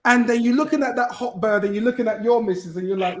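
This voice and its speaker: A man with a high voice talks football on a podcast. He rambles in animated bursts, restarting his sentences and piling on fillers. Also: fast talker, a little hiss or hum. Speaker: podcast guest, football fan. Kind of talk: casual chat.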